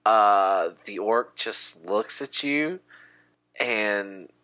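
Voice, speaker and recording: A man narrating a tabletop game as game master in a relaxed, laughing way. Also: lowish voice, extremely slow.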